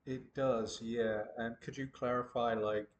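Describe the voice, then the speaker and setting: Man, casual and jokey, a little hesitant, mid-pitched voice. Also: fairly even intonation, a little slow, dull audio. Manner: joking, playful, hesitant. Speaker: English teacher trying out an AI tutor. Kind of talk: casual chat.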